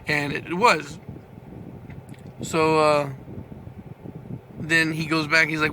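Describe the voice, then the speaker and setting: A man's voice: a little high, level tone, measured pace, long pauses, noisy background. A young man telling a heated story about his work as a mechanic, swearing constantly and restarting his sentences as he goes. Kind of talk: ranting vlog story.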